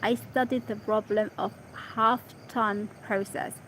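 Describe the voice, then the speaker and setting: A woman whose first language is Arabic reads an English article aloud, stopping often to check her pronunciation in quiet asides. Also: medium pitch, fairly even intonation, takes it slowly, slight background noise, low-quality recording. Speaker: reader practicing English.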